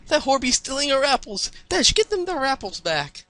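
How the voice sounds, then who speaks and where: A folksy, hot-tempered farm pony mare from a cartoon fanfic, read aloud by a man. The voice is bright and fairly high, swinging up and down a lot, with barely a trace of a country accent. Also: animated, fairly quick. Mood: angry. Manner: plain voice, half-hearted attempt at a country accent. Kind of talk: comedic fanfic reading.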